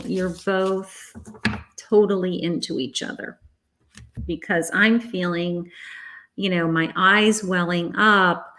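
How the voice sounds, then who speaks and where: A middle-aged woman reading tarot cards on a live stream, chatting with viewers and reassuring them, calling them honey and sweetheart. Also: fairly low pitch. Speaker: psychic tarot reader hosting a live stream.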